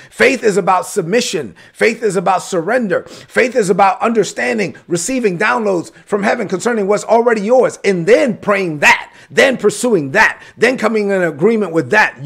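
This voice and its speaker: A man preaching a sermon, teaching with emphasis, repeating words and building to shouted peaks. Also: sits high, creaky, slightly rough. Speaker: pastor.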